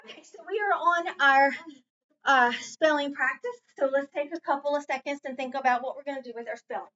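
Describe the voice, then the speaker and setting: Woman teacher, one-on-one phonics tutoring, patient and drawn-out, slightly high voice, heard from across the room. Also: a bit bright. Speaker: reading teacher. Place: school classroom. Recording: distant, dull lo-fi recording.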